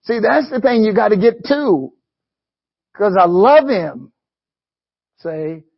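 A man's voice: sits high, sing-song, takes it slowly, vocal fry. A man preaching a sermon, quoting scripture and dropping in frequent "amen" and "you know" asides. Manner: reads scripture aloud in a preaching cadence. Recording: dull lo-fi recording.

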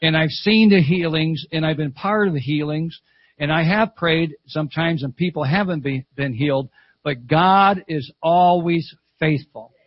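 A man's voice: fairly high pitch, measured pace, no echo, muffled recording. An older man preaching a sermon at a church service, telling stories fervently, repeating phrases and calling out "Amen.".

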